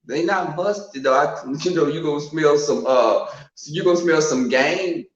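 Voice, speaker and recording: A man's voice: a little high, moderate pace. A man hosting a casual live-stream chat, frank and sassy as he talks straight to his viewers. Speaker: host of a live online show. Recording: echoey, dull-sounding room recording.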